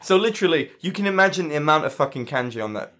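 Animated man reviewing a film. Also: a little high, very fast. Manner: animated, swearing, acts out quotes. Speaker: podcast co-host. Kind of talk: casual film review chat.

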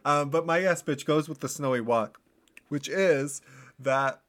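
A man's voice: fairly high pitch, unhurried, fairly bright tone. A young man co-hosting a podcast, chatting casually and rambling with lots of fillers and self-deprecating laughs. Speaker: podcast co-host. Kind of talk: casual chat.

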